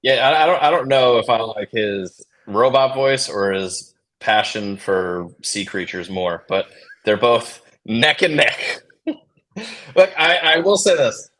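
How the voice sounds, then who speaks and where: A man, a realtor co-hosting a podcast, talking emphatically in relaxed slang. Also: mid-range voice, measured pace. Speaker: realtor co-host. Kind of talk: casual panel talk.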